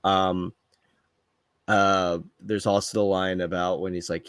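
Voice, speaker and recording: Low-voiced man in a relaxed chat. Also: takes it slowly, clear, resonant tone, dry recording. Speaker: podcast co-host. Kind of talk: casual movie review chat.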